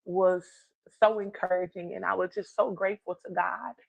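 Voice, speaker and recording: A woman's voice: lowish voice, fairly even intonation, normal speed, creaky, no echo, phone-quality sound. A woman giving a heartfelt personal testimony, earnest and encouraging as she tells a story. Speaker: guest speaker.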